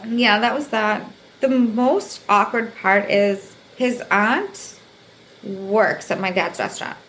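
A young woman telling a story on her own podcast, her voice at a middle pitch and full of "like" and casual swearing. She acts out every quote, jumping high when she plays herself angry. A faint hiss sits under the recording. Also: slow pace. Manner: animated, acts out quotes with big pitch jumps; swears freely, says "like" constantly. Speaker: podcast host. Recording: faint background noise.

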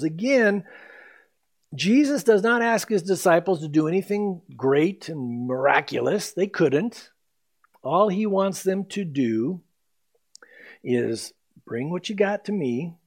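Casting: emphatic male pastor, fairly high voice, teaching verse by verse. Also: animated, a little mellow. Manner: emphatic, reads scripture aloud slowly, then explains. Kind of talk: expository sermon.

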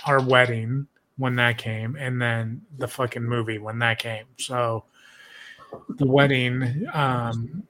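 A man's voice: mid-range voice, fairly even intonation, slow, a bit bright, a little hiss or hum. A young man hosting a podcast, chatting casually in a laid-back, rambling way with lots of swearing. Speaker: podcast host.

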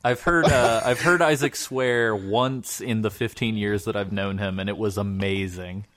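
A man's voice: fairly low pitch, a little slow, a bit bright. Jokey man co-hosting a podcast. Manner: jokey, laughs often. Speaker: podcast co-host. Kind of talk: casual chat.

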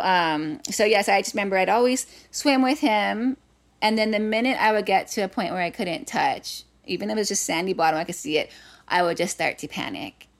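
A woman from Hawaii telling a personal story in conversation, animated and full of "like" fillers. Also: fairly low pitch. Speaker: guest.

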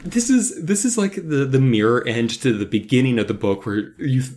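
A man co-hosting a podcast, chatting casually about a book and acting out its characters in sudden high-pitched voices. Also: normal speed. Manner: animated, acts out characters in jumpy high voices. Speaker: podcast co-host.

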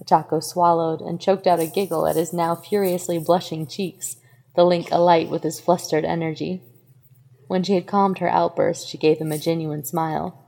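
Creaky-voiced woman reading a story. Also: on the low side, little pitch movement, moderate pace, warm tone, in a large hall. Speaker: fan fiction reader. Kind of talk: scripted narration.

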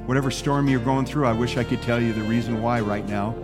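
A man's voice: mid-range voice, fairly even intonation, a little fast, music in the background. A male pastor preaching a sermon, telling a story and then earnestly encouraging his listeners.

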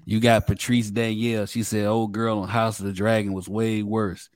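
A man's voice: lowish voice, level tone, moderate pace. A man co-hosting a casual recap, reading out viewer comments and teasing his co-host.

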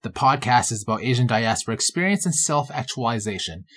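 A man's voice: medium pitch, expressive, quick pace, fairly bright tone. A man from Vancouver hosting a casual podcast interview, friendly and enthusiastic. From Vancouver, Canada. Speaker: podcast host.

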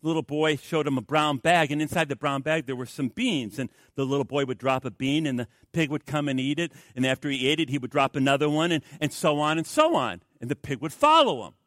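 A male preacher delivering a storytelling sermon, lurching from shouted outbursts down to hushed, almost whispered warnings. His voice sits a little high for a man, and the recording is close and dry. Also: animated, a little fast, hardly any pauses, dry recording. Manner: dramatic swings from loud exclamations to hushed near-whispers; acts out quoted dialogue.

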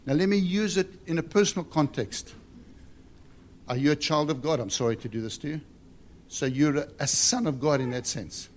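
A man's voice: on the high side, normal speed. A man preaching a sermon in a conversational way, building to emphatic repeated lines. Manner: conversational with emphatic rising refrains.

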